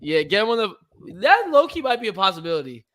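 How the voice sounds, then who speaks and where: A young man co-hosting a casual sports podcast, excitable and quick to trash-talk, on a computer mic. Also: sits high. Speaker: podcast co-host.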